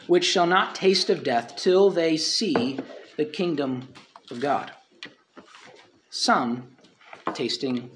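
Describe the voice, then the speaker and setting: A man's voice: a little high, slow, pauses often, a bit bright, slight background noise. A man preaching a sermon in a conversational way, quoting scripture and asking his listeners rhetorical questions.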